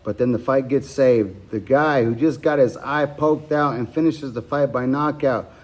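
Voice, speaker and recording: A man hosts his own podcast and talks through betting picks alone in a loose, casual way. He rambles, stops to correct himself and fills the gaps with ums and uhs. His voice sits at a middle pitch for a man. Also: moderate pace, hardly any pauses. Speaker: podcast host giving fight picks. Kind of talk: casual solo betting breakdown.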